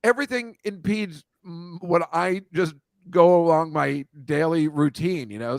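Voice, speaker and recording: A man's voice: a little high, gravelly, no room sound, studio quality. A man hosting a casual chat, rambling and swearing as he riffs through photos. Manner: rambling, profane, riffing on photos. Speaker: host.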